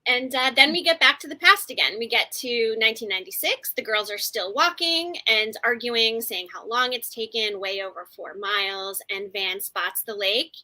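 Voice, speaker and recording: A woman's voice: a little high, normal speed, few pauses, pushed and bright. A woman co-hosting a podcast, chatting casually as she recaps a TV episode with plenty of fillers and asides. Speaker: podcast co-host.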